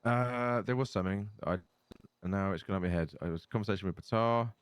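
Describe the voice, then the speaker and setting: A man's voice: on the low side, quick pace, smooth, no room sound. A tired man rambling and swearing in casual in-character chat while roleplaying in an online crime game.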